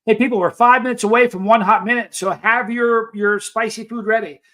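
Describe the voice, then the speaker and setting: A man's voice: high-pitched, steady tone, a little fast, sharp tone. A man hosting a live stream, chatting casually with viewers, reading their messages and telling rambling stories. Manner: rambling storyteller, reads chat aloud.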